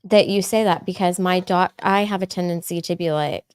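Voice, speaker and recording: A woman's voice: lowish voice, moderate pace, clear, resonant tone, dry recording, clean studio sound. A woman host in casual chat, chatty and self-deprecating, telling a story about being a parent. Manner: chatty, self-deprecating, frequent agreeing hums.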